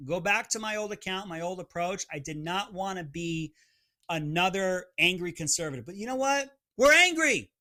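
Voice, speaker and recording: A man's voice: sits high, moderate pace, bright, forceful tone. A man hosting a live stream, talking in a fired-up, emphatic way and reading viewer comments aloud.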